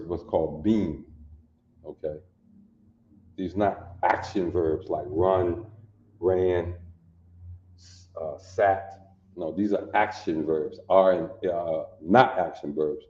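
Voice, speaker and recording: A man gives a language lesson at an unhurried, deliberate pace, breaking phrases apart and repeating each point. His voice sits a little low. The audio is muffled and lo-fi, with a roomy echo around him. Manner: slow, repetitive, checks understanding often. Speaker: language teacher. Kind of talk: classroom lesson. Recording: dull lo-fi audio in an echoey room.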